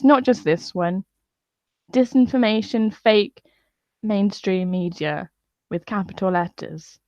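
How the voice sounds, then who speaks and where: A woman's voice: medium pitch, a little slow, darkish tone, no echo. A woman venting in a profane, scornful live-stream rant. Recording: dull lo-fi dry sound.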